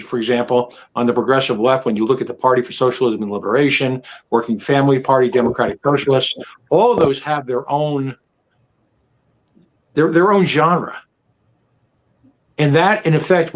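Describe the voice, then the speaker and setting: A man speaking as a guest on an online panel, with a voice in a middle pitch. He argues his point emphatically, stopping now and then with fillers. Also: low-quality recording. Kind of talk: casual political discussion.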